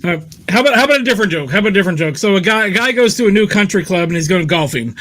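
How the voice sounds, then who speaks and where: A man's voice: high voice, expressive, very fast, fairly bright tone. A man in casual chat, telling jokes in a rambling way, repeating himself and laughing.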